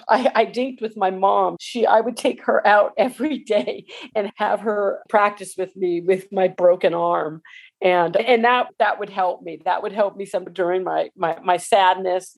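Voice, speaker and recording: A woman in her forties tells a personal story about her own life. Her voice sits at a middle pitch, and she speaks in an emotional, halting way, often stopping and restarting her sentences. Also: fairly even intonation, vocal fry. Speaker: pickleball player.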